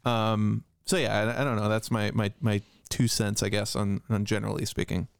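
Man, casual podcast co-host, rambles a little and fills with "like", smooth clear voice, dry close sound. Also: on the low side, flat delivery, normal speed, no echo. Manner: rambling, restarts often, says "like" and "right?". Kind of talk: casual chat.

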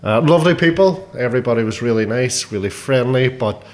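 A male stand-up comedian recounts his week in a dry, matter-of-fact way. His pitch sits in the middle of a man's range, and he talks plainly and casually. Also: expressive, a little fast, a little mellow. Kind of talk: casual chat, storytelling.

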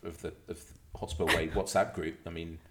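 A man's voice: sits low, level tone, normal speed, crowd noise. A man co-hosting a casual podcast, rambling and playful, laughing often. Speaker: podcast co-host. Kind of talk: casual banter.

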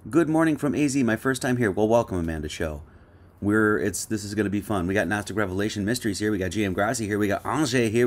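A man hosting an online Sunday service, talking loose and chatty, with many fillers and restarts. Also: lowish voice. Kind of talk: casual spoken sermon and lecture.

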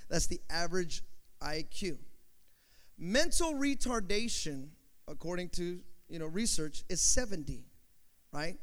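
A man's voice: high voice, in a large hall. A man preaching a sermon, telling stories animatedly and asking his listeners questions. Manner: animated, asks the crowd questions, acts out quotes. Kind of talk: sermon storytelling.

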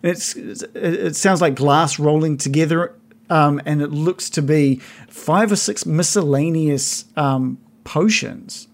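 A man narrating a tabletop game as game master, pausing often with ums as he describes the scene. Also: a little high. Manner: halting, many ums, unhurried description.

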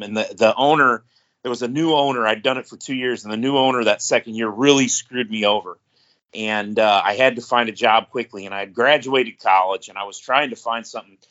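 A man with a bright, forceful voice tells a long, rambling story in casual podcast chat. He chuckles between his sentences. The audio is a little dull and lo-fi. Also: mid-range voice. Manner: rambling, laughs mid-story. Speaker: podcast co-host.

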